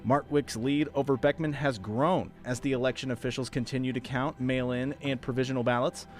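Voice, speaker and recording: A man's voice: mid-range voice, steady tone, brisk. A man co-hosting a political talk podcast in a studio, reading a news segment in a wry, playful way. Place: radio studio.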